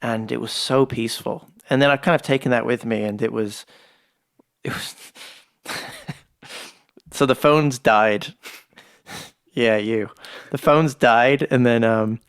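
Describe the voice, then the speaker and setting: A man's voice: mid-range voice, slow, long pauses, clean tone, no echo, clean studio sound. A man chatting as a podcast guest, telling stories with gusto, acting out what others said and swearing casually. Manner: lively storyteller, acts out quoted dialogue, swears casually. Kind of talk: casual conversation. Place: ranch.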